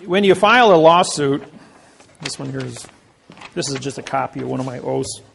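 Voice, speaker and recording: Gravelly man telling rambling stories. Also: medium pitch, animated, a bit bright, slight background noise. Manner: rambling anecdotes with acted quotes; halting, with many restarts. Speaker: speaker teaching a class. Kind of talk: storytelling lecture.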